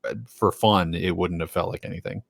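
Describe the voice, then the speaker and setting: A man with a fairly low voice, explaining things plainly and matter-of-factly to his friends. He sounds close and dry, with no room around him. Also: steady tone, fairly quick, vocal fry, breathy edge, no room sound. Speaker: podcast co-host. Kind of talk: casual chat.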